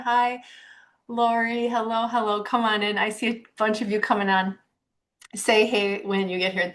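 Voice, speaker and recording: Bubbly woman hosting a live stream. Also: mid-range voice. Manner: bubbly and excitable, greets viewers by name. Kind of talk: casual live-stream talk. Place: outdoors on a walk.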